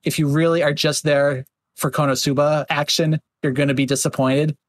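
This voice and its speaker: A podcast host with a slightly high, slightly raised voice leads a casual chat, rambling easily with plenty of fillers and slipping into quick mocking voices. The sound is dry and close, with no room sound at all.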